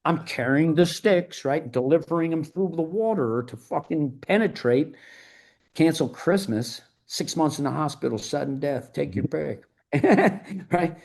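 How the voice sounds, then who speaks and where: A man's voice: fairly high pitch, lively intonation, measured pace, creaky, a little mellow. A middle-aged man as an interview guest, talking in a fired-up, emphatic and profane way. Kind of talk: podcast interview.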